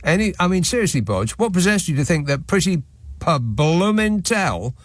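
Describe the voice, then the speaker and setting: A high-voiced, very animated man hosts a radio phone-in from the studio, reading listener messages with sardonic mockery. He keeps a moderate pace on a studio microphone, and there's no echo.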